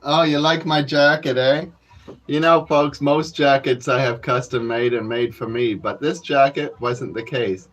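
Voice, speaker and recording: A man's voice: mid-range voice, fairly even intonation, a little slow, a bit bright. A young man playing a comedy character, delivering a crude, rambling rant to the camera with profane, mumbled asides.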